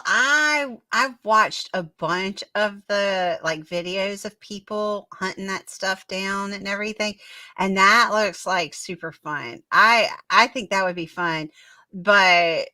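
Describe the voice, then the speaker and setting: A woman's voice: mid-range voice, takes it slowly, bright, forceful tone, no room sound. A middle-aged woman in casual chat, plain and direct, laughing often.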